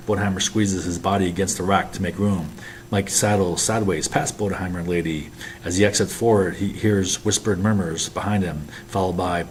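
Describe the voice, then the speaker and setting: A man narrating an audiobook in a plain, even storytelling manner. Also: low-pitched, fairly quick, slight background noise. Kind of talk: scripted narration.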